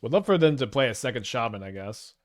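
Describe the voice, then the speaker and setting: He's a fast-talking gameplay commentator with a mid-range voice, lively intonation, and a Canadian accent. The commentary is casual and meandering as he thinks aloud, restarting with hesitation.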